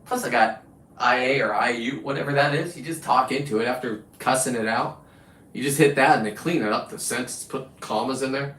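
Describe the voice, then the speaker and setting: A brisk, slightly bright medium-pitched voice belongs to a man ranting on his own show. He's combative, boastful, and profane, and the recording sounds roomy, with him set well back from the mic.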